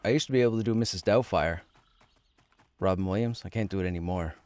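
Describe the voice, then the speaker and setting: A man's voice: deep voice, quick pace, darkish tone, no room sound. A man streaming a game, chatting casually in a rambling, self-mocking way with a sore throat. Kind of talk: casual livestream chat.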